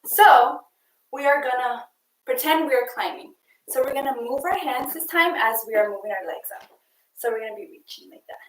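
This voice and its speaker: A young woman coach leading girls through an online exercise game, counting reps out loud in an upbeat way. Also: high voice, a little fast, echoey room, slight background noise, rough recording. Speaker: youth sports coach.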